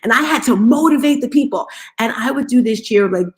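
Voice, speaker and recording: A woman's voice: a little high, lively intonation, brisk. A woman hosting a live motivational morning talk, upbeat and coaxing as she draws listeners in and leads call-and-response. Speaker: host of a live audio room.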